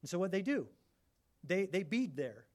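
A middle-aged man preaching a sermon, animated and conversational, often restarting his phrases. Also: high voice, moderate pace. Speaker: pastor.

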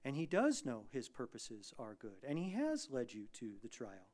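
A man preaching a sermon as pastor, dynamic, moving between hushed lines and loud, emphatic bursts. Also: mid-range voice, wildly swooping pitch, moderate pace, few pauses. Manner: acts out quoted prayers and voices.

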